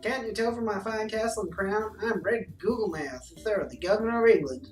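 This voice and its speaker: A man with a high-pitched natural voice speaks briskly while playing a brash, self-important cowboy-style American governor who is folksy and boastful and swaggers. The sound is roomy and distant under background music.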